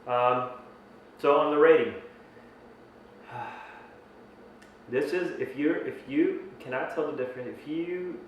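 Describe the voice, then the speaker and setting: A man's voice: a little high, moderate pace, a little hiss or hum. A man giving a casual whisky tasting review, thinking aloud with many restarts and fillers. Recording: very echoey room, mic at a distance.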